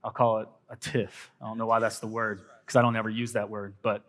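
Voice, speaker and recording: A man's voice: on the low side, flat delivery, a little fast, a bit bright. A man with a Texan accent hosting a church panel, talking earnestly and rambling with fillers. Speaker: panel host, college minister. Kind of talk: casual panel talk.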